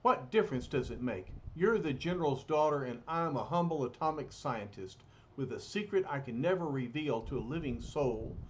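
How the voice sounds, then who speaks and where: A man's voice: medium pitch, lively intonation, moderate pace, muffled recording, natural voice. A man voicing a young male scientist who speaks bitterly, brooding over a secret.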